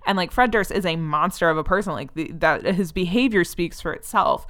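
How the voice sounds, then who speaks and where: A woman in her thirties hosting a podcast, talking on her own in a casual, sarcastic and animated way. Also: lowish voice, a little fast. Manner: animated, sarcastic, mocking put-on voices for quotes. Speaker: podcast host. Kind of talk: casual solo commentary.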